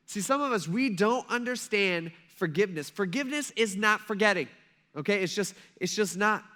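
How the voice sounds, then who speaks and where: A man's voice: high voice, animated, moderate pace, sharp tone. A male pastor preaching a sermon in a conversational, emphatic way, often checking in with his listeners.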